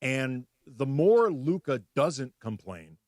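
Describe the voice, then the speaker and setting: A man's voice: mid-range voice, big pitch swings, takes it slowly, a little mellow, no echo, studio quality. A man co-hosting a sports radio show, giving wry, analytical takes in casual talk.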